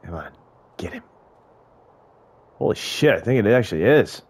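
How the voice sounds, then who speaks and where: A man giving live gameplay commentary, muttering and swearing to himself, with loud frustrated outbursts. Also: fairly low pitch, big pitch swings, moderate pace, husky. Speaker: gaming video host.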